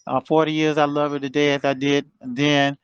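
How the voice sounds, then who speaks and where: A man in his sixties giving a motivational exhortation over a remote call, halting with many fillers and building to fervent emphasis. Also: fairly high pitch, little pitch movement, smooth, no echo, dull audio. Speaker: guest speaker. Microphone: remote call connection.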